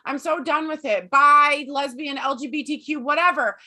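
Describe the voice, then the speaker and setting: A woman with a high, bright voice talks in a casual podcast chat. She swears freely and rants with heat, her words tumbling out in a loose, conversational way. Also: moderate pace. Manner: heated, swears a lot, ranting. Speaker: podcast co-host.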